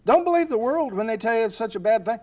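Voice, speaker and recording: An American man preaching a sermon, animated and folksy, with storytelling asides. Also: very high-pitched, quick pace. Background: congregation responding.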